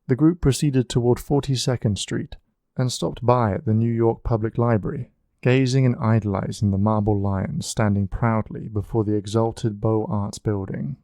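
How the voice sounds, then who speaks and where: A man reading a storybook aloud in a steady, even narration. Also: lowish voice, normal speed, no echo, studio quality. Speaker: audiobook narrator.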